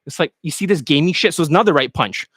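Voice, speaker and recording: A man's voice: on the high side, expressive, very fast, a bit bright, breathy edge, no echo, studio quality. Blunt, profane male dating coach. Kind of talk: ranting coaching talk.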